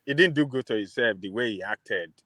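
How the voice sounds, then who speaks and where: A man calling into a live discussion, earnest and halting, restarting his sentences. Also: mid-range voice, animated, sharp tone, no echo, low-quality recording. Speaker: caller.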